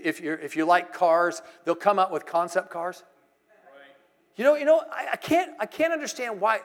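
A middle-aged male preacher with a high voice delivers a sermon in a lively storytelling way. He jumps from loud, emphatic lines to quiet asides. His voice rings with the long reverb of a large hall. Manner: animated storytelling, swings between loud exclamations and hushed asides.

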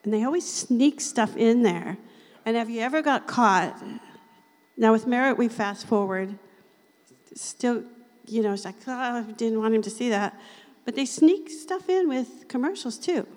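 A woman giving a casual, chatty Bible teaching, laughing often and reading scripture slowly. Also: fairly high pitch, lively intonation, darkish tone. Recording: long hall reverb.

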